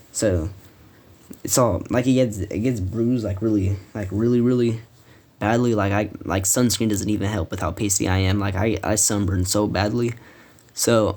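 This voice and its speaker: A man's voice: on the low side, darkish tone. A teenage boy telling a story from school in a casual, rambling, profane way, with frequent restarts. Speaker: storytime vlogger.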